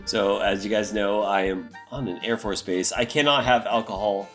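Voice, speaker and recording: Young man, podcast co-host, tipsy, rambling casual chat, lowish pitch. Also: steady tone, moderate pace, fairly bright tone, faint music behind. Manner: loose, rambling, laughing. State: tipsy from drinking.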